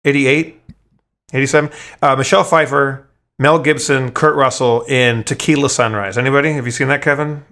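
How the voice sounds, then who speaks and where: A man co-hosting a podcast, telling stories in casual chat, profane and animated, stumbling over his restarts. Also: mid-range voice, fairly quick. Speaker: podcast co-host.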